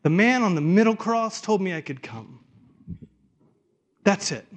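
A man's voice: high voice, very animated, measured pace, pitched above the performer's own voice. A man voicing a guileless male thief just arrived in heaven, speaking in a plain, bewildered, matter-of-fact way.

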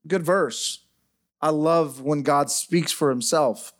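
A middle-aged man preaching a sermon as pastor in a church, dropping soft and low as he speaks over piano. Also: takes it slowly. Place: church sanctuary. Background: faint piano playing.

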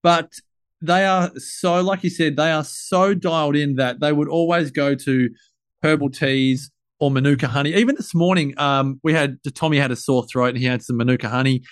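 Chatty and playful, a man hosting a podcast interview rambles somewhat and leans on lots of fillers in a casual, conversational exchange. His voice runs on the high side at a normal speed, recorded dry in studio quality.

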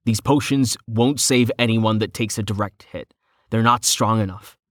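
A man's voice: lowish voice, normal speed, fairly bright tone, dry recording, studio quality, close to an everyday voice. A man voicing a brash young male fighter who talks bluntly and urgently, in an audiobook. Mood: tense.

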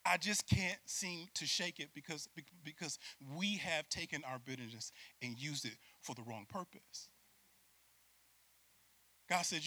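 A man delivers a church sermon in a bright, ringing voice set a touch high. The sound is dry and close. He swings from hushed asides to loud, emphatic peaks and has the congregation repeat words after him. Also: a little slow, no echo. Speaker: preacher.

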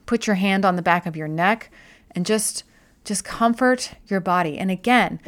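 A woman's voice: mid-range voice, normal speed. A woman speaking as a wellness host in a casual explanatory talk, conversational, often restarting and repeating words.

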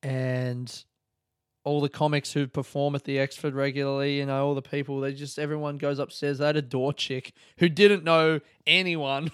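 A man's voice: on the high side, little pitch movement, moderate pace, fairly bright tone, smooth, dry recording, studio quality. A man, a comedian hosting his podcast, telling meandering, profane, nostalgic stories in a casual monologue.

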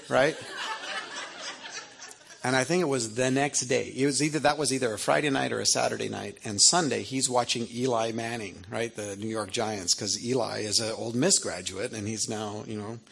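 A man in his fifties tells personal stories to an audience, checking in with "right?" as he goes. His voice is gravelly with a husky edge, and it sits at a mid pitch. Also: a bit bright. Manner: conversational, keeps asking 'right?'. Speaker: author speaking to an audience. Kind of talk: personal storytelling talk.

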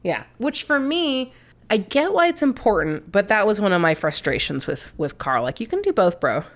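A woman's voice: mid-range voice, normal speed. A woman co-hosting a podcast, chatting casually about a film, swearing freely and laughing often. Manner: swearing, laughing, lively commentary. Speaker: podcast co-host.

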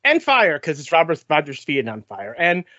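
A man co-hosting a casual talk show about cartoons, relaxed and joking, stretching out words for effect. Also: a little high, normal speed, no room sound, muffled recording. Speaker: podcast co-host. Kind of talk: casual cartoon review chat.

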